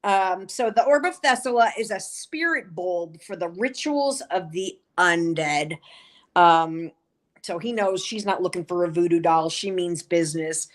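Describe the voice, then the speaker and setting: Animated woman recapping TV, lowish voice. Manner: animated storyteller, acts out quotes. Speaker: podcast co-host. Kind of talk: casual TV episode recap.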